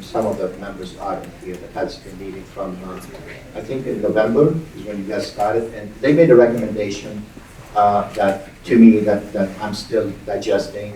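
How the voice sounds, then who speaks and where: A middle-aged man, a university's acting president, speaking at a town hall in a halting way and repeating words as he thinks aloud. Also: lowish voice, darkish tone, slight background noise. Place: large hall with audience. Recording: echoey hall, distant mic.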